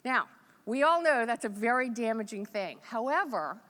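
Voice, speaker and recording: A woman from Virginia delivers a motivational keynote, spinning folksy, joking stories. Her voice sits a little high and rings bright and forceful. The sound carries the long echo of a big conference hall. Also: animated, moderate pace. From Virginia, USA. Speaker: motivational speaker.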